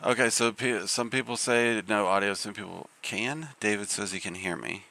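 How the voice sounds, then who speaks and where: A man's voice: lowish voice, moderate pace, vocal fry, sharp tone. A man hosting a live game stream, chatting casually in a rambling way with lots of fillers and restarts.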